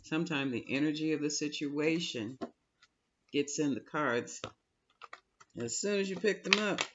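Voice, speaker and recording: A man's voice: a little high, measured pace, fairly bright tone, highs cut off, a little hiss or hum. A man giving a tarot reading, effusive and affectionate, calling the listener honey and my love. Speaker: tarot reader.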